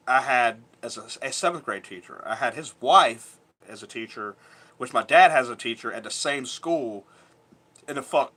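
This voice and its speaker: Brief: thirties guy vlogging, streetwise and cursing, bright edgy tone. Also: medium pitch. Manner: rambling, profane, streetwise. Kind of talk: casual storytelling.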